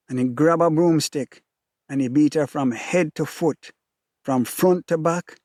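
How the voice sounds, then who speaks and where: A man's voice: fairly high pitch, a little mellow, dry recording, clean studio sound. Intense Jamaican man reading aloud. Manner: rhythmic, repetitive, intense. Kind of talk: dramatic reading of a novel in first person.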